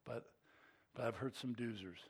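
A middle-aged man preaching a sermon as pastor, swinging between hushed asides and emphatic, excited peaks. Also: mid-range voice, moderate pace, slightly rough.

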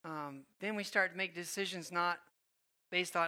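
A man's voice: high-pitched, fairly even intonation, normal speed, sharp tone, smooth. A man giving a sermon as guest preacher on a church stage, folksy and conversational, with fillers and restarts.

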